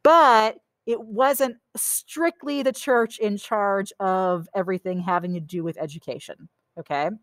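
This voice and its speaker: In a recorded art history lecture, a woman speaks at a measured pace with a medium-pitched voice and no echo. Her style is conversational, and she often checks in with "okay?" and "right?" while repeating key points for emphasis.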